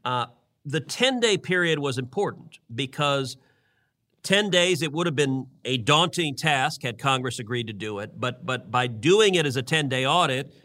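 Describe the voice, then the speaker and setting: A middle-aged man talks through his reasoning on a political podcast with an earnest, insistent manner, often doubling words as he builds toward his point. His voice is bright and forceful, with a steady, medium pitch. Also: moderate pace. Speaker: senator and co-host. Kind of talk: casual political podcast talk.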